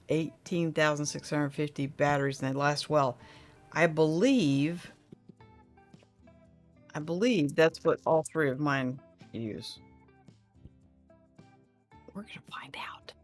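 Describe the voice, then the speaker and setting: A middle-aged woman, hosting a casual livestream chat and reading viewer comments aloud in a rambling, friendly way. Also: deep voice. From Oklahoma.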